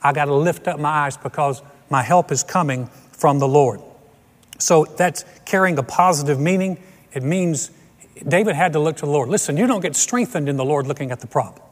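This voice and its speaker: A man's voice: a little high, brisk, in a large hall. A man preaching a sermon as pastor, conversational and earnest, repeating phrases for emphasis.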